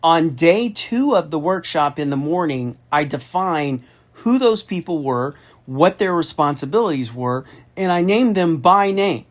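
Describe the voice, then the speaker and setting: During a phone conversation, a profane, emphatic middle-aged man from Austin, Texas, tells a story. He is a federal contracting consultant, and his higher voice has lively intonation and a measured pace.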